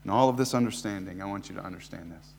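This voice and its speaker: An American man preaching a sermon as a visiting preacher, swinging between hushed, slow emphasis and loud, rising exhortation. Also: low-pitched, creaky, in a large hall, slight background noise. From United States. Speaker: guest preacher. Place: church sanctuary.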